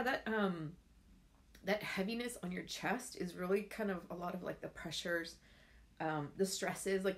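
A woman, chatting casually and heartfelt in a rambling way with lots of fillers. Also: lowish voice. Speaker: vlogger sharing essential oil tips. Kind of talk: casual chat to camera.

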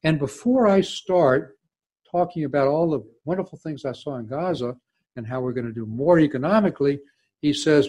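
An older man with a Southern US accent, once a diplomat, is the guest speaker at a storytelling talk with audience Q&A. His fairly high, husky voice has a darkish tone and normal speed as he tells emphatic, digressive anecdotes.

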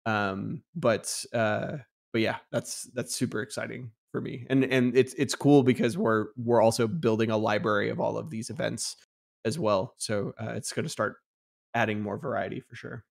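A man working as a game developer, a guest on a podcast, explaining things in a halting, enthusiastic way, with lots of fillers. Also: on the low side, steady tone, creaky. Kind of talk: casual podcast chat.

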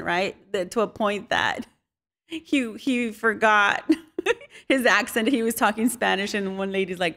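A woman's voice: on the high side, unhurried. A woman in her thirties, a chef guest in a casual interview, telling stories with lots of laughter and acting out what people said. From Mexican roots. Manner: animated storyteller, laughs often, acts out quotes. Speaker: guest, chef and content creator.

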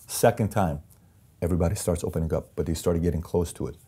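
Low, husky-voiced man telling stories. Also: fast talker, long pauses, warm tone. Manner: intense, emphatic, acts out quoted voices. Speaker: interview guest, company CEO. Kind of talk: storytelling in a sit-down interview.

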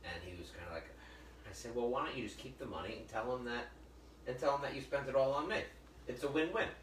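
A man hosting a casual cooking show, joking and telling stories in a chatty, animated way. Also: mid-range voice, fast, slight background noise. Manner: chatty, jokey, animated storyteller. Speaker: host of a live cooking show. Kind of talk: casual storytelling chat. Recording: echoey room, mic at a distance.

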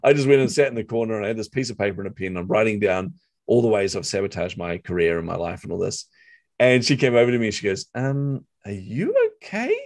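A middle-aged man with a New Zealand accent, an interview guest telling animated stories and acting out quotes. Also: on the low side, fast talker. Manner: animated storyteller, acts out quotes. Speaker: guest, marketing coach. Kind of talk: storytelling interview chat.

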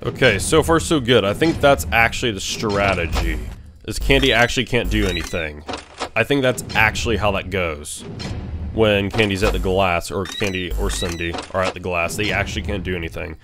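A young man commentating a horror video game he is playing, muttering tensely one moment and yelling excitedly the next. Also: sits low, normal speed, background noise. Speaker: gaming youtuber. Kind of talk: let's play commentary. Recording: game music behind the voice.

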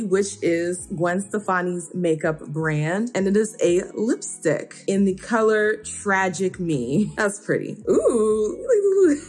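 A woman's voice: mid-range voice, husky. A woman vlogging a beauty box unboxing, reading out labels and chatting about each product with delighted little exclamations. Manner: reads out product labels and comments on them.

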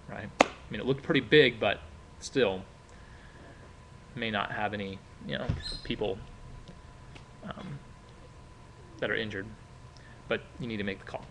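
A man's voice: medium pitch, fairly bright tone, a little hiss or hum. A man teaching a class in a casual, chatty way, with many fillers and rhetorical questions. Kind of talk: classroom explanation with role-play.

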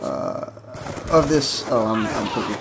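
Gaming host, male, animated delivery that jumps into shrieks, with game noise clearly behind him. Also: fairly low pitch, unhurried. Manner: excitable, swears, yelps at sudden action. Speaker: gaming YouTuber. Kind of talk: live gameplay commentary.

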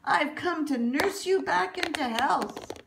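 A woman reading aloud and voicing an eager, excitable young girl pig scout who talks in a loud, gushing way. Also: high voice, slow pace, gravelly, noisy background, pitched above the performer's own voice, full character voice. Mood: excited.

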